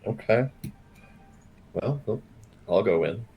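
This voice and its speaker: A man's voice: fairly low pitch, expressive, slow pace, husky, dull audio, faint music behind. A man playing in a tabletop role-playing game, speaking plainly and matter-of-factly. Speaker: player. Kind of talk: casual game talk.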